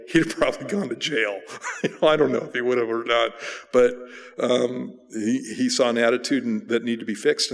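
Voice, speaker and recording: A male pastor preaching, telling a personal story in a relaxed, conversational way with fillers and restarts. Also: medium pitch. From United States. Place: church sanctuary. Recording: church sanctuary reverb.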